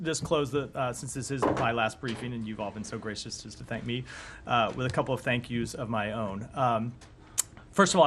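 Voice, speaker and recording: A male government spokesperson answering questions at a press briefing, measured with frequent fillers, hoarse and clearing his throat. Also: medium pitch, fairly bright tone, slight background noise. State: hoarse, coughing. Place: briefing room.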